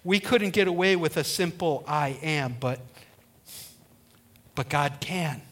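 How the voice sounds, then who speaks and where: A man's voice: fairly high pitch, slow pace, fairly bright tone. A middle-aged male pastor preaching a sermon, retelling a story and acting out the quoted voices.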